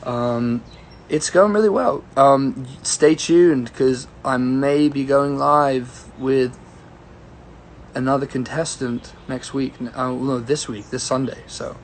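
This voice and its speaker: A man's voice: mid-range voice, steady tone, slow pace, slight background noise. A young man, a singer-songwriter, chatting casually on a phone livestream as he answers viewers' questions in a rambling, easygoing way. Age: young adult.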